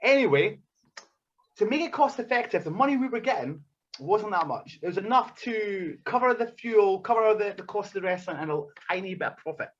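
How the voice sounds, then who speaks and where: Husky, animated man telling a story. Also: high voice, fairly quick, highs cut off. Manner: swears a lot, acts out scenes, animated storyteller. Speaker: wrestler telling a story as a podcast guest. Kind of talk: casual profane anecdote.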